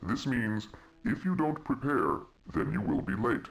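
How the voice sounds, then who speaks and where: An actor playing a foreign traveler envoy who speaks formally with odd, inverted grammar, in a video game. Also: male voice, medium pitch, animated, a little slow. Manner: formal, inverted word order. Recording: game audio over music.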